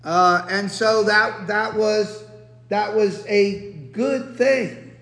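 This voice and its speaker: A man giving a Bible teaching sermon in a relaxed, conversational way, full of restarts and asides. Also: very high-pitched. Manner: conversational, many restarts and fillers. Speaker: preacher. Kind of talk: expository sermon. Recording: echoey hall.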